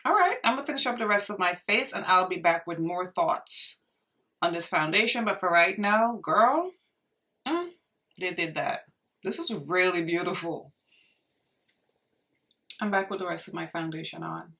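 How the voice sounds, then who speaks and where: A woman's voice: on the low side, lively intonation, moderate pace, pauses often, pushed and bright, far from the mic. A young woman reviewing makeup in a casual vlog, gushing and exclaiming to her viewers as if they were friends. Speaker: beauty vlogger.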